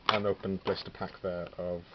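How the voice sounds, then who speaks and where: A man's voice: sits low, little pitch movement, normal speed. A man from Wales casually showing his miniature figures, thinking aloud with many fillers and self-corrections. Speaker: miniature wargaming hobbyist. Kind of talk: casual show-and-tell of a collection. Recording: slightly dull lo-fi recording with clear background noise.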